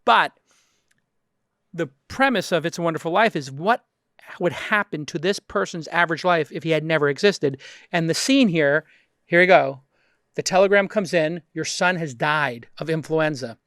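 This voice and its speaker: A man hosting a podcast interview, retelling a film scene as an animated storyteller. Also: on the high side, normal speed, long pauses, no room sound, clean studio sound. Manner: animated storyteller, acts out quotes. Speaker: podcast host. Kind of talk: casual interview chat.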